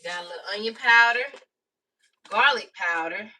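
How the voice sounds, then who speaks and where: Lady cooking in her kitchen, chatty, calls everyone baby, bright voice, kinda far from the mic. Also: mid-range voice, moderate pace. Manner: chatty, folksy, talks straight to viewers with "y'all" and "baby". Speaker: cooking vlogger. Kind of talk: casual cooking tutorial. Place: home kitchen. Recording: slightly distant mic with faint noise.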